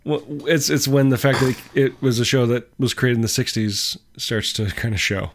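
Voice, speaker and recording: Casting: male co-host, mid-pitched, dry jokester, casual chat. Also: moderate pace, a little hiss or hum. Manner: wry, jokey, many short backchannels. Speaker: podcast co-host.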